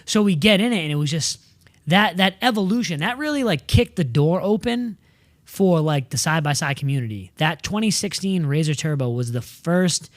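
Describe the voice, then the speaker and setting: A man from New England co-hosting an off-road show, telling a story in a lively, casual way, swearing freely and acting out the other people in it. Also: a little high, moderate pace, no room sound. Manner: animated, swears freely, acts out quoted voices. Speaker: co-host.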